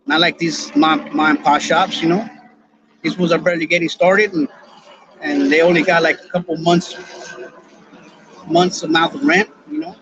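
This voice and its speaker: Hosting a podcast as a loose live-stream chat, a Los Angeles man with a Chicano accent talks in easygoing slang, with frequent restarts and repeats. His slightly high voice is lively at a moderate pace and pauses often; the highs are cut off and there's background noise.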